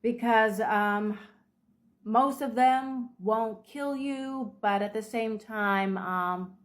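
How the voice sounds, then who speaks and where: A woman talking in a casual advice vlog, unhurried, with frequent ums and restarts. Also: a little high. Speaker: video creator.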